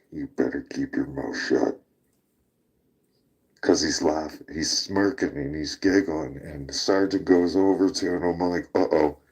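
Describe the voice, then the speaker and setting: Very deep-voiced man telling stories. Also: slightly rough. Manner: laughs while telling a rowdy bar-fight story, swears freely. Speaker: podcast host. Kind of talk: casual storytelling.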